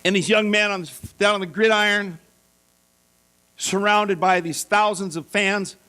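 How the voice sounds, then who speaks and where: A man preaching a sermon, telling Bible stories in a lively way and acting out the voices of the figures. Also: high voice, measured pace. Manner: lively storytelling, acts out voices for biblical figures. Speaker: pastor.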